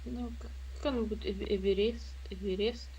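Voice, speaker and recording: A woman's voice: medium pitch, steady tone, a little fast, mellow, slight background noise, rough recording. A woman who speaks Russian as her first language, a beginner student with a Russian accent, hesitant and unsure as she answers.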